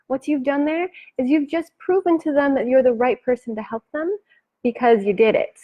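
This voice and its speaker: A woman coaches her viewers in a lively, chatty way, slipping into the voices of her clients and laughing along the way. Her voice sits a little high. The stream audio is dull and lo-fi. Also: moderate pace. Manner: chatty and animated, acts out client quotes, laughs often. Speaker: business coach. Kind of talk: live-streamed coaching talk.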